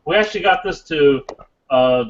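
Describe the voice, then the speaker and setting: A man with a slightly high voice hosts a live building stream, chatting casually and joking with friends. He explains in halting bursts full of fillers. The audio is dull and lo-fi. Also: lively intonation, a little hiss or hum.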